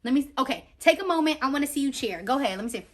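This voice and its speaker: A woman reading a picture book aloud to young children as their teacher, animated and talking straight to her listeners with questions. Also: sits high, very fast, over loud music. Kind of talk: children's read-aloud lesson.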